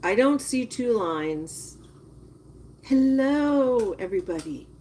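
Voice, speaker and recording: A woman giving casual live-stream commentary, chatting with viewers and reacting with drawn-out disgust. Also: fairly high pitch, expressive, dark tone, a little hiss or hum. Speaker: livestreamer.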